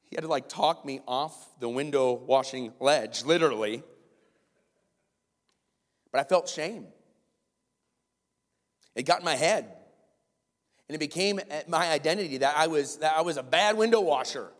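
Man, sermon storytelling, slightly high voice, lively delivery, long hall echo. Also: normal speed, long pauses. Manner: animated storytelling with quoted voices.

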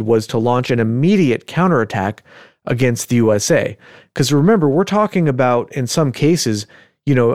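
A man's voice: mid-range voice, a little mellow, dry recording, clean studio sound. A man hosting a podcast, telling a story in casual chat with joking asides and frequent chuckles. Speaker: podcast host.

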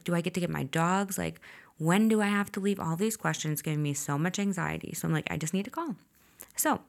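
A woman's voice: lowish voice, vocal fry. A young woman hosting a podcast, telling a personal story in a blunt, profane way, full of "like" and acted-out dialogue. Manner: blunt and profane, heavy filler 'like', reenacts dialogue. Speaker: podcast host. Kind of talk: candid storytelling monologue.

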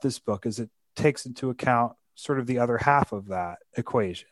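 A man's voice: medium pitch, normal speed, no room sound, studio quality. A man hosting a casual book discussion, thoughtful and hesitant, with many fillers and restarts. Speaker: podcast host.

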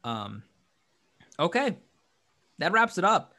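A man's voice: high voice, very animated, slow, bright, forceful tone. A man hosting a casual sports podcast, rambling with frequent restarts and hiccuping. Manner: rambling, restarts often, upbeat. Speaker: podcast host.

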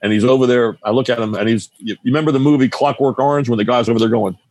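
An older man in his seventies, a musician from New Jersey, spinning a story in a relaxed interview chat. His pitch sits in a middling range, and he wanders through restarts and side remarks. The sound is close and dry, with no room around it. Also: racing, no echo. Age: 70s. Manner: rambling, loose, with many restarts and asides. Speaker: musician guest. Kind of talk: casual storytelling.

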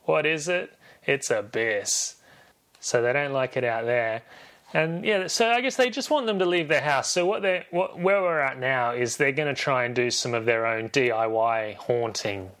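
A man's voice: medium pitch, animated, normal speed, a bit bright. A man hosting a podcast, recapping a film in a rambling, jokey way and correcting himself as he goes. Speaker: podcast host.

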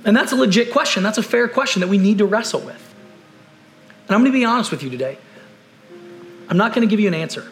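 Guy preaching, kinda high voice, chatty, lots of repeats and what-if questions, goes soft and slow on the big points. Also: animated, soft background music. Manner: conversational preacher, repeats key phrases, fires off rhetorical questions; drops to quiet, slow emphasis on key points. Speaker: pastor. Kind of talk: sermon.

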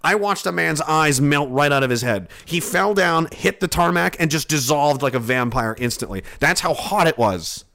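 A man's voice: fairly high pitch, animated, normal speed, gravelly, hardly any pauses, fairly bright tone. A man ranting in a rambling, sarcastic comedy monologue, swearing often. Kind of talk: profane comedic rant.

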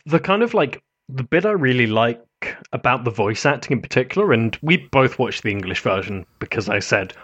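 Male podcast co-host, mid-pitched, enthusiastic and casual, swears freely. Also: lively intonation, brisk, few pauses, fairly bright tone, breathy edge, dull audio. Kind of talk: casual anime review chat.

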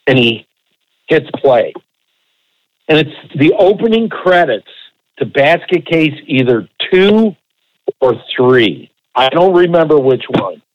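A man co-hosting a podcast, telling a long, animated, profane anecdote in a casual way. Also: a little high, takes it slowly, pauses often, muffled recording. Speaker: podcast co-host. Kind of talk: casual storytelling.

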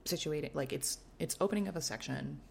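A podcast co-host discussing a novel with enthusiasm, animated and eager, breaking into passages read aloud. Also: mid-range voice, a little fast, creaky, a little hiss or hum. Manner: enthusiastic, animated, reads passages aloud, often trails into soft murmured reading.

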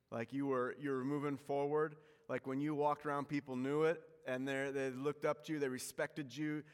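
A pastor giving a sermon in a church, telling stories with self-mocking humor, shifting from loud to hushed. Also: male voice, a little high, long reverb tail. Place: church sanctuary.

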